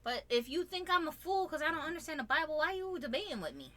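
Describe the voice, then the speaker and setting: A woman's voice: high-pitched, very animated, quick pace, sharp tone. A woman co-hosting a casual comedic chat, incredulous and sassy. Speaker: co-host.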